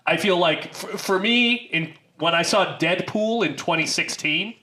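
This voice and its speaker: A man's voice: a little high, measured pace, pushed and bright, a little hiss or hum. A man co-hosting a film podcast in casual chat, rambling with many fillers and restarts. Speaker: podcast co-host.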